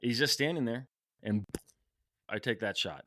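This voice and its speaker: A man hosting a podcast, telling a hunting story in a casual, animated way and acting out what people shouted. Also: mid-range voice, normal speed. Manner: animated, acts out shouted quotes. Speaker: podcast host.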